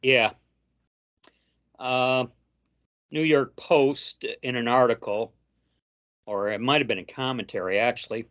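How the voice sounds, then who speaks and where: A man co-hosting a casual political chat, reading news quotes aloud with frequent halting fillers. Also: medium pitch, fairly even intonation, fairly bright tone, highs cut off. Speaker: co-host.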